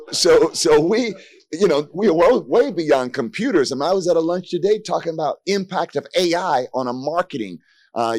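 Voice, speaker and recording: A man's voice: fairly high pitch, a little mellow, no echo, clean studio sound. A man in his sixties moderating a panel discussion from a podium, with folksy joking asides. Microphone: podium mic.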